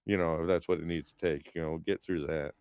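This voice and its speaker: Low-voiced man telling rambling, profane stories. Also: steady tone, fairly quick, darkish tone, no echo. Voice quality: smooth low voice. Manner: rambling, profane storytelling with lots of fillers. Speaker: podcast co-host. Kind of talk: casual chat with cursing.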